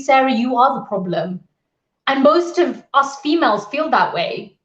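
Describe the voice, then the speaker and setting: A young woman giving a candid, energetic talk as a guest speaker on a virtual event, telling her story with acted quotes. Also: high-pitched. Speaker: guest speaker, business mentor. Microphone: video call. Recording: roomy, slightly dull audio.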